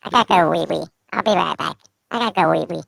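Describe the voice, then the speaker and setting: A man's voice: a little high, fast, gravelly, crowd noise, voice pushed up. A man putting on the voice of a whiny little boy who needs the toilet, childish and repetitive. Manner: childish, whining, repeats himself.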